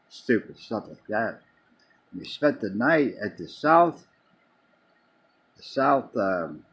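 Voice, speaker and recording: A man's voice: mid-range voice, a bit bright, breathy edge, low-quality recording. A man casually telling a long personal story in a rambling way, restarting and repeating words as he goes. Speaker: vlogger.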